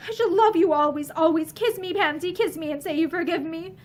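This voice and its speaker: A woman reading the part of an anguished man torn by forbidden love, speaking in a hoarse, pleading way in her own high voice. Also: brisk, darkish tone.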